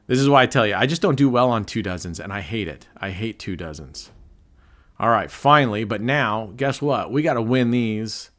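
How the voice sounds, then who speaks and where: A man hosting live casino gameplay commentary, excitable and cursing, grumbling at the dealer as he works out his bets. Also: lowish voice, moderate pace. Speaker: channel host.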